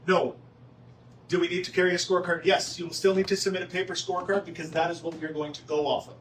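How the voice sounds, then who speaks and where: A man's voice: high voice, little pitch movement, quick pace. A man presenting golf club updates at a town hall meeting, casual and joking with the audience. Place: meeting room. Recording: echoey room, distant mic, faint noise.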